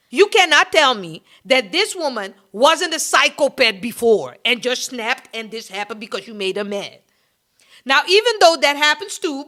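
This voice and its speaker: A woman hosting a commentary podcast, talking straight to her audience in an emphatic, animated way. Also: sits high. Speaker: podcast host. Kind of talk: gossip commentary monologue.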